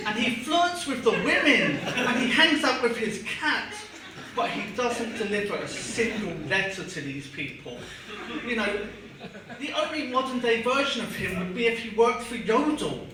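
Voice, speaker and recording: A young man doing a stand-up comedy set in a club, telling deadpan, sardonic stories laced with swearing. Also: sits high, distant mic. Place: comedy club, live audience. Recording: echoey club recording from afar, audience noise.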